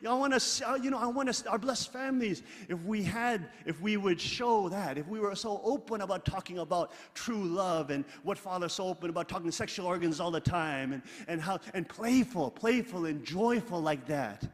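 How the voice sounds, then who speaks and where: Middle-aged preacher guy, emphatic, loud then quiet, reading along with the church, big reverby hall. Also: high voice, expressive, normal speed, hardly any pauses. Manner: emphatic, swings between loud exclaiming and quiet asides; leads the congregation in reading scripture aloud. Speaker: pastor. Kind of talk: sermon.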